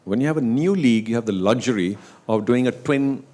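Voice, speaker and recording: A man's voice: medium pitch, brisk. A middle-aged man, telling stories in casual talk on stage and acting out quotes and chants. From India. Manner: animated storyteller, acts out quotes and chants. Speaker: guest speaker on sports leagues.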